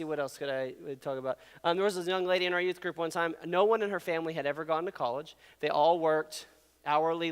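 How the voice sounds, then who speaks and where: A man in his thirties preaching a sermon as a youth pastor, animated, conversational and jokey. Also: a little high, in a large hall. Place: church hall.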